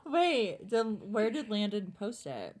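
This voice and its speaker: A young woman co-hosting a podcast in casual chat, blunt, swearing casually and laughing loudly. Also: medium pitch, sing-song, slow. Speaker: podcast co-host.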